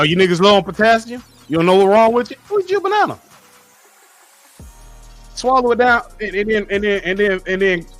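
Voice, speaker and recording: A man's voice: high-pitched, a bit bright. A man on a casual livestream, reading his chat and lecturing his viewers in a blunt, profane way. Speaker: streamer reading live chat.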